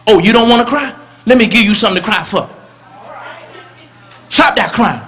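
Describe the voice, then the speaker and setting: A man voicing a stern mother who nags and scolds her young child in rapid-fire threats. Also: high voice, animated, a bit bright. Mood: scolding.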